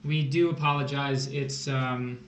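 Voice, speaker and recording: A man's voice: medium pitch, fairly even intonation, unhurried. A man tutoring test prep on a casual livestream, joking and rambling as he explains math. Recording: echoey room, faint hiss.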